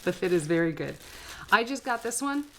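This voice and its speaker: A woman's voice: mid-range voice, very animated, brisk, a little hiss or hum. A woman art teacher giving a casual live-stream craft tutorial, chatty and rambling with frequent filler words.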